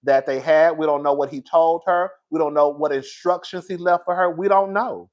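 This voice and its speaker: A man talking casually to his viewers as a pop culture commentator, in slangy, animated speech and often laughing as he riffs. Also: a little high, moderate pace, dull audio.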